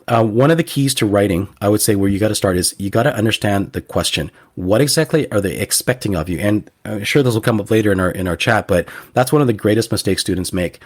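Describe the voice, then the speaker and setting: A man with a fairly low voice appears as a guest teacher in a podcast interview. He gives advice earnestly, often repeating words as he restarts his sentences.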